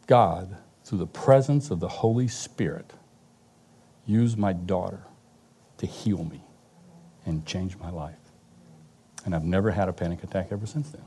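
A middle-aged man telling a personal testimony about his daughter in a halting, storytelling way, with frequent restarts. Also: sits low, mellow, husky. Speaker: father giving a testimony.

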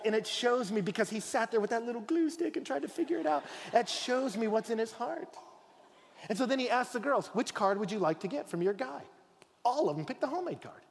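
A male pastor preaching a sermon, telling stories with acted-out voices and dropping low and quiet for emphasis. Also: big-room sound, a little hiss or hum. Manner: animated storytelling, acting out voices, dropping low and soft for emphasis.

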